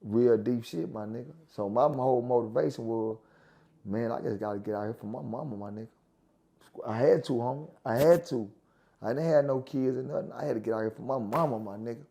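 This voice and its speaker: Brief: mellow, gravelly man, earnest casual talk. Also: medium pitch, brisk. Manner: earnest, with repeated slang tags. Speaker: guest, former prisoner. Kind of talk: casual interview chat.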